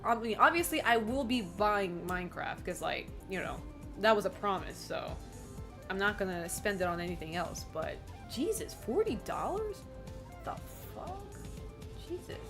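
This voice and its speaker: A woman's voice: mid-range voice, a bit bright. A young woman streaming from home, chatting casually with her viewers in a rambling, giggly way and swearing freely. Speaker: game streamer. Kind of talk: casual chat with live chat.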